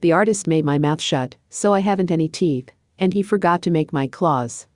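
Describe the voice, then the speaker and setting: A vain male leopard from a picture book snarls and boasts, read by a woman. The tone is low and the recording dry. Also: moderate pace, a little mellow, no echo, lightly acted. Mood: snarling. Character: fierce but harmless male leopard, vain.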